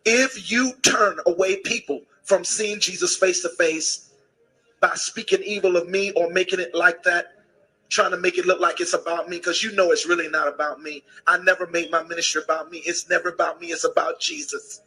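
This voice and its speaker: A man's voice: high-pitched, fairly even intonation, normal speed, pushed and bright, slightly rough, poor audio. A man preaching in a combative, boisterous way, insulting his critics and raising his voice. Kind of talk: fiery livestream preaching.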